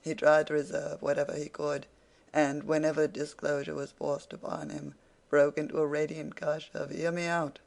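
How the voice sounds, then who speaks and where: A man reads a classic novel aloud in a measured, formal storyteller's voice. The voice sits a little higher than usual and carries a gravelly texture. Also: completely flat delivery. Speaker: audiobook narrator. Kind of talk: scripted narration of a classic novel.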